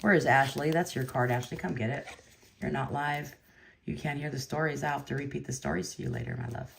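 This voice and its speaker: A woman hosting a card break, chatting casually and rambling between pulls, with excited outbursts. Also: extremely low pitch, brisk, gravelly, slight background noise. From California. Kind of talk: casual live-stream chat while opening cards.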